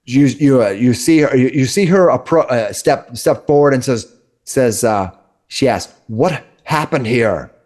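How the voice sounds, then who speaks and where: A man narrating as game master in a tabletop game, halting and restarting often. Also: medium pitch, a little mellow. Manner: halting, many repeated restarts.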